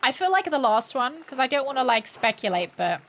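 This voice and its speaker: Brief: a relaxed woman streamer, joking through a story game, voice on the high side. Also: brisk. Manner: chatty, joking, reads game text aloud. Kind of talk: casual gameplay commentary.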